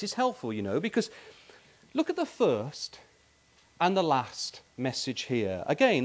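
A man's voice: on the high side, darkish tone. A man preaching a sermon in a tent meeting, emphatic and repetitive, often addressing his listeners as brothers and sisters.

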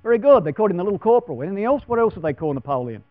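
A chatty man giving a Bible class sermon, talking in an easy, folksy way and putting questions to his listeners. His voice sits a little high for a man. The sound is dull and lo-fi, recorded dry with a steady mains hum underneath. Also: very fast, dry recording. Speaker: preacher.

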